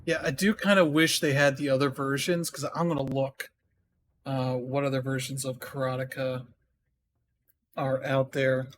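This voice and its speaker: A man's voice: medium pitch, little pitch movement, moderate pace, slight background noise. A man streaming a game, chatting casually and thinking aloud as he reads up on things. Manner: thinking aloud, reading notes half to himself. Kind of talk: casual live-stream commentary.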